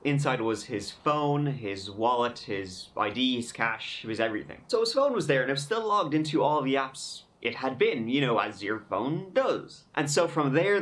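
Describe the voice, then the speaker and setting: A man's voice: mid-range voice, a bit bright. A man hosting a true crime podcast, telling the case in a conversational way with wry asides. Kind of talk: casual true crime narration.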